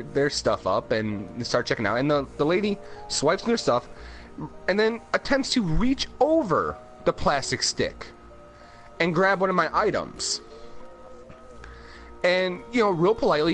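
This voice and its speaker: A man's voice: on the high side, fairly bright tone. A man co-hosting a podcast, telling a rambling story in casual chat with restarts and laughs. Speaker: podcast co-host. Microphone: home podcast mic.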